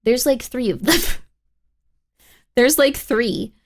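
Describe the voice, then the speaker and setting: A young woman hosting a livestream speaks at a fairly high pitch and extremely slowly. She chats casually and reads viewer messages in a bubbly, rambling way, packed with fillers and frequent "like."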